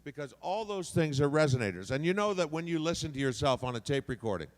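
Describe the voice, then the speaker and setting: A man on a convention panel explaining voice acting, animated and showing off different voices as he talks. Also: a little high, quick pace. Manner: animated, demonstrates voices by moving resonance around. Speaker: voice actor panelist. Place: convention hall. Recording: long hall reverb.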